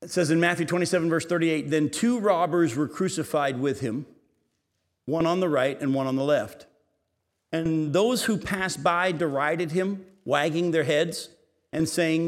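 A man preaching a sermon. He reads scripture aloud, comments on it, and swings between raised and hushed delivery. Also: on the high side, normal speed. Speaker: pastor. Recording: reverberant hall.

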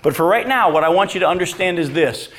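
High-voiced man preaching a sermon. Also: fast. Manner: animated preaching, rhetorical questions, acts out quoted voices. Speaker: pastor.

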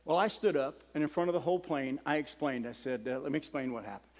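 A middle-aged man, a preacher, telling a story in a sermon and acting out the dialogue with lively energy. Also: a little high, fast. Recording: long hall reverb.

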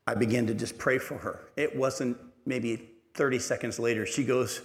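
A man's voice: medium pitch, moderate pace, a bit bright. A middle-aged man preaches in a church sanctuary with a midrange voice. He tells his story earnestly and leans hard into his points. A long reverb from the hall follows every phrase. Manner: storytelling, earnest, building to emphatic exhortation. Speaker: pastor. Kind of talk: sermon.

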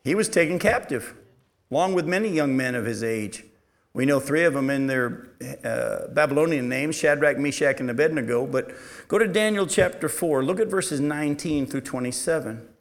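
A man preaching a sermon, reading scripture aloud and explaining it, who swings between loud emphasis and quiet asides and asks his listeners questions. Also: fairly high pitch, lively intonation, moderate pace.

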